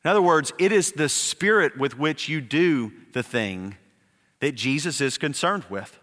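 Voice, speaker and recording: A male pastor giving a sermon, emphatic, repeating words and slowing down on key phrases to press a point home. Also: fairly high pitch, expressive, fairly bright tone. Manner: emphatic preaching with repetitions and slowed, dropped phrases. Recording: long reverb of a hall.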